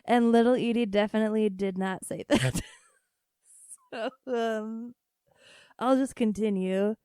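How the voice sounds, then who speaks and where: A woman's voice: on the high side, steady tone, measured pace, mellow, clear, resonant tone, no room sound, studio quality. A woman hosting a casual solo podcast, talking frankly and swearing freely, often laughing. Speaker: podcast host.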